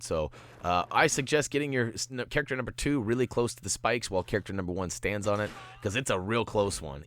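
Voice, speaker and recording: A man with a fairly low, slightly bright voice hosts a video game walkthrough. His gameplay commentary gives tips playfully, with jokes and goofy asides.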